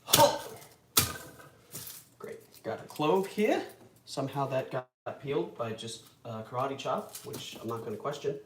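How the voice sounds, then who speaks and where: A man's voice: mid-range voice, very animated, measured pace. A young man chatting casually while cooking one-handed at home, rambling and poking fun at himself. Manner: rambling, self-deprecating, chatty. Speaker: home cook vlogger. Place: home kitchen. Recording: echoey kitchen with loud background noise.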